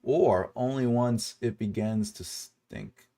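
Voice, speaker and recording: A man hosting a casual writing show, rambling with animated asides and quoted back-and-forth. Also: medium pitch, slow pace. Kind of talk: casual livestream chat.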